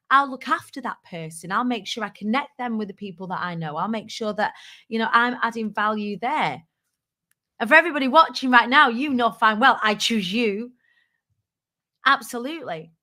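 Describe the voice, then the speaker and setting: A woman's voice: on the high side, brisk, sharp tone. A woman hosting a business tips show, giving a casual motivational talk to her viewers in a candid, playful way with some swearing.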